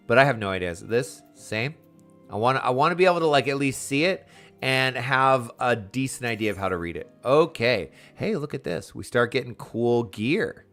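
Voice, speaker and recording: An excitable man chats away as he streams a game, his voice bouncing through a wide, lively pitch range over a mid-height tone. He talks casually to his viewers. A faint bed of music sits behind him. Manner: excitable, chatty, answers chat. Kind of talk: casual live gameplay chat.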